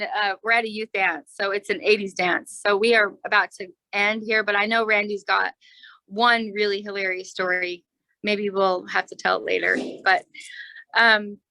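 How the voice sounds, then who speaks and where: A woman's voice: mid-range voice, bright, forceful tone, low-quality recording. A woman chatting as she tells a story about a family friend, amused and full of fillers. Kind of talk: casual storytelling.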